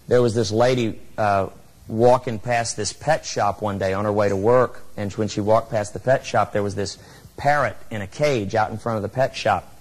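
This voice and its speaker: A man's voice: on the low side, steady tone, moderate pace, rough recording. Emphatic man giving a motivational talk. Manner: emphatic, repeats key lines for effect. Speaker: motivational speaker. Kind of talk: motivational speech. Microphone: handheld microphone.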